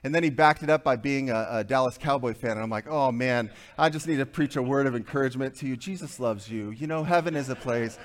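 A man preaching a sermon to a group of men, swinging from quiet, slow passages to loud, quick bursts, with joking asides. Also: medium pitch. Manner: dynamic, swings from hushed to loud and fast.

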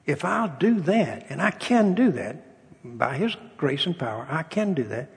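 A man's voice: fairly high pitch, very animated, measured pace, creaky, slightly rough. An older man, a pastor, preaching a sermon in a folksy storytelling way, with humor and acted-out dialogue. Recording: long reverb of a hall.

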